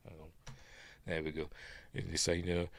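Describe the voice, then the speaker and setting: A man's voice: low voice, monotone, normal speed, gravelly, no echo, clean studio sound. A middle-aged man with a Yorkshire accent giving casual, chatty commentary on a film he's reviewing, full of asides and self-corrections. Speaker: film reviewer, channel host.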